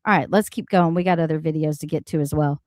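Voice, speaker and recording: A woman hosting a reaction livestream, talking in a blunt, animated and profane way about the clips she plays. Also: sits low, fast talker, no room sound, studio quality. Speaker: livestream host. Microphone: home streaming mic.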